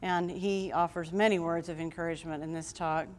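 Earnest woman presenter, slightly low voice, faint background hiss, heartfelt delivery to a live room. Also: steady tone, brisk. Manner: reads scripture aloud with emphasis. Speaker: conference presenter.

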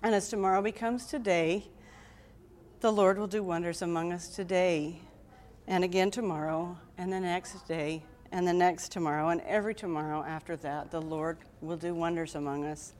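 Earnest woman with a lowish voice. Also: fairly even intonation, moderate pace, darkish tone, slight background noise. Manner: earnest and heartfelt; reads scripture aloud with emphasis. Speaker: conference presenter. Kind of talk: live presentation to an audience.

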